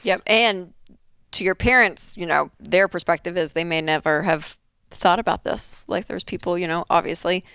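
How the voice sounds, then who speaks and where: A young woman co-hosting a call-in advice show, speaking calmly and reasonably with fillers. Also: on the low side, moderate pace, clean tone, no room sound. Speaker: radio show co-host.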